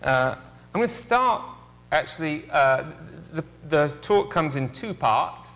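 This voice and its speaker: A man giving a public lecture on stage, self-deprecating and halting, with many fillers and restarts. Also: mid-range voice, a bit bright. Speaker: guest speaker. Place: theater stage.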